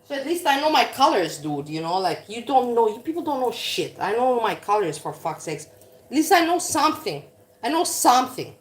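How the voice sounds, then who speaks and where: A woman's voice: fairly high pitch, sing-song, moderate pace. A woman vlogging while cooking in her home kitchen, talking in a blunt, rambling and profane way. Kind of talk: casual rambling chat.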